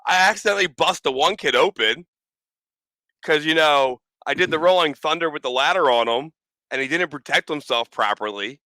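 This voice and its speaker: A man's voice: a little high, fairly quick, dry recording. A man on a podcast telling wrestling stories in casual chat, laughing often and acting out quotes. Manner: animated, laughing storyteller.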